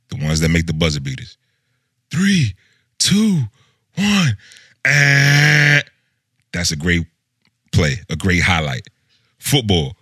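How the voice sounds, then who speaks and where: A man co-hosting a casual chat, laid-back and animated, full of slang. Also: deep voice, dry recording, clean studio sound. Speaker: co-host.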